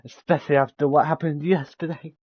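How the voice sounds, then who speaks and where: A man's voice: on the high side, steady tone, a little fast, slightly rough, no echo, dull audio. A man streaming a game, reading its dialogue aloud, stumbling over words, restarting lines and laughing between them.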